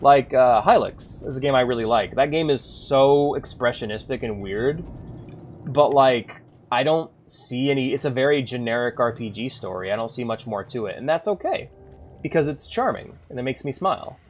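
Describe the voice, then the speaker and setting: A man streaming a game, rambling and swearing freely as he thinks out loud between moves. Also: mid-range voice, moderate pace, a little hiss or hum. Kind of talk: casual gameplay commentary.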